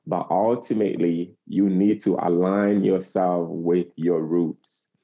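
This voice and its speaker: Man, 40s, from Africa, very deep mellow voice, impassioned, slightly dull recording. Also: fairly even intonation, slow pace, creaky. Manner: impassioned, repeats phrases for emphasis. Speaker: guest. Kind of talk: earnest interview talk.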